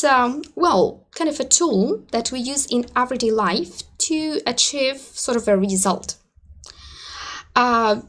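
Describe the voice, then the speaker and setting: A woman with a bright, fairly high voice presents to teachers at an online conference. She talks in a hesitant, thoughtful way, padding her points with fillers and soft hedges.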